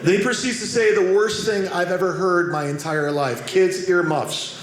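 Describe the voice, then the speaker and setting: High-pitched guy doing stand-up, self-deprecating, super echoey room. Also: normal speed. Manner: punchy, self-deprecating storytelling. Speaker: stand-up comedian. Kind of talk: stand-up comedy set. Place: comedy club stage before an audience. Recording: echoey club with audience noise.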